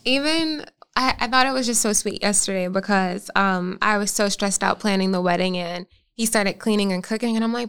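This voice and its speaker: A young woman chatting casually, telling stories in an animated way and laughing often. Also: mid-range voice, moderate pace, few pauses, clean tone. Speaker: bride-to-be guest. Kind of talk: casual chat.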